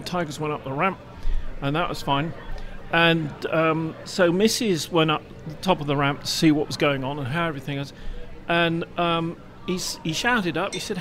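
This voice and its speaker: A man's voice: on the high side, normal speed, fairly bright tone. A man hosting a casual panel podcast, telling long stories with many fillers. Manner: rambling storyteller, hesitant fillers. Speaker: podcast host.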